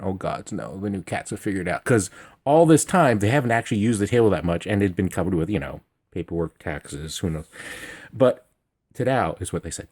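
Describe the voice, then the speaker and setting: A man telling a funny true story in a rambling, animated way, breaking into sudden high meows and sound effects. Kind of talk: comedic personal storytelling.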